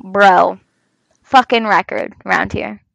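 A woman in her thirties co-hosting a casual chat podcast, telling animated stories about her kids and swearing freely. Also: medium pitch, takes it slowly, gravelly, dry recording, poor audio. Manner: swears a lot, animated storytelling. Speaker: podcast co-host.

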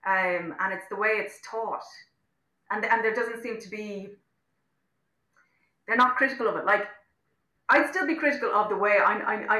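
A woman's voice: mid-range voice, sharp tone, roomy sound, poor audio. An Irish woman talking as an interview guest, outspoken and impassioned, often restarting her sentences. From Ireland. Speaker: interview guest, actor-director. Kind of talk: casual interview chat.

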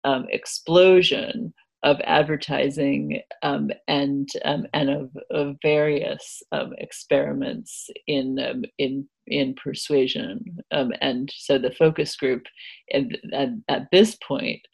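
A woman author being interviewed, explaining history at length with a hesitant delivery full of pauses and filler words. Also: rumbling low, steady tone, creaky, darkish tone. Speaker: author guest. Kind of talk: conversational interview.

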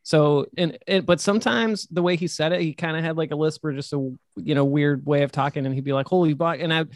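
A man's voice: on the high side, fairly even intonation, fast, no echo, studio quality. A man, a horror author and podcast guest, telling rambling stories in casual chat and swearing casually.

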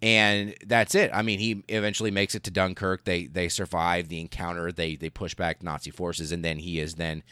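A low-voiced man hosts a podcast, telling history in a loose, profane, animated way. His voice sits deep, and the recording is close and dry with no room sound. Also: normal speed, few pauses, smooth, dry recording. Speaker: podcast host. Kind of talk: casual history storytelling.

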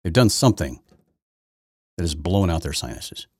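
Male host, very low husky voice that swings up and down a lot, sarcastic and rambling. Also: sing-song, moderate pace, no room sound, clean studio sound. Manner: sarcastic, rambling, repeats words often. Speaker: podcast host. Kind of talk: opinionated political commentary.

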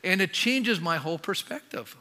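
A man's voice: sits high, expressive, normal speed, bright, forceful tone. An older man preaching a sermon as pastor, talking conversationally and often asking the congregation questions. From Canada. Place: church sanctuary. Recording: long hall reverb.

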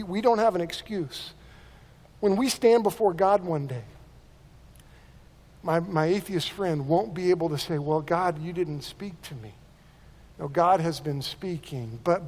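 A man delivers an earnest sermon, his voice pitched noticeably high for a man. He often repeats and restarts words as he works through his points. The sound carries a long reverb, like a church sanctuary. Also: darkish tone. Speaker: pastor.

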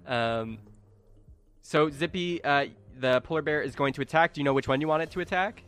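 A man's voice: on the high side, fairly quick. A man running a tabletop game, narrating scenes and rolling dice with lots of fillers and frequent laughter. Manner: lively, giggly, filler-heavy. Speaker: game master.

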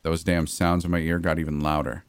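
A man's voice: rumbling low, little pitch movement, fairly quick, clear, resonant tone, no room sound. A man narrating a first-person horror story in a gritty, blunt way, with frequent mild cursing.

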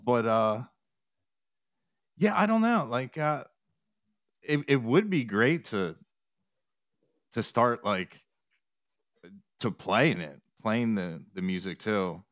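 A man's voice: medium pitch, expressive, takes it slowly, pauses often, fairly bright tone, dry recording, studio quality. A man chatting as an interview guest, rambling with restarts and retold quotes. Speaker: podcast guest, TikTok music reactor. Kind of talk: casual interview chat.

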